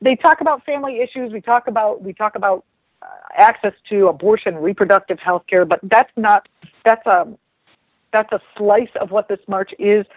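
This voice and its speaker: A woman's voice: medium pitch, normal speed, dry recording. Woman, radio guest, chatty, rambling restarts, dull lo-fi sound, dry. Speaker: guest commentator. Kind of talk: casual radio chat.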